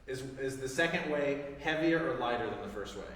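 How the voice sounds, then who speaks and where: A man's voice: mid-range voice, lively intonation, fairly quick, loud music behind the voice. Male teacher in an echoey hall. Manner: encouraging, asks the student questions; sings articulation syllables to demonstrate. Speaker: saxophone teacher. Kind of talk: live master class teaching. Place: recital hall with audience. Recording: distant, echoey hall recording, faint noise.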